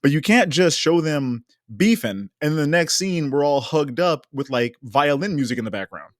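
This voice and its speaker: A man's voice: on the high side, expressive, moderate pace, no room sound, studio quality. Wry, exasperated man on a podcast. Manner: wry, exasperated, swears casually. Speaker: podcast co-host. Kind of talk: casual reality-TV recap chat.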